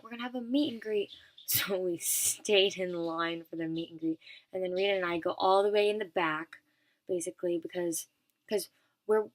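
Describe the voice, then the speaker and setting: A young woman vlogger from California telling a long story in a rambling, casual way, full of "and then" and fillers. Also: on the low side.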